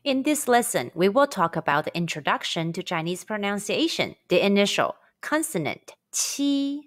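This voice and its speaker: A woman teaching a scripted pronunciation lesson, drilling sounds slowly and carefully for learners to repeat. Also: mid-range voice, very animated. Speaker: Chinese language teacher.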